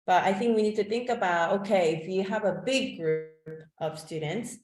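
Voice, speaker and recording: A woman's voice: mid-range voice, normal speed, a little mellow. A woman teacher whose first language is Korean, talking through a webinar over a call mic. Her voice sits in the middle range, and she talks in a casual, meandering way full of "like" and "um". The sound bounces around a reverberant room. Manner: chatty, loose delivery with frequent "like" and "um". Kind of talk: online teacher-training talk. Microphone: video call microphone. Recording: echoey room.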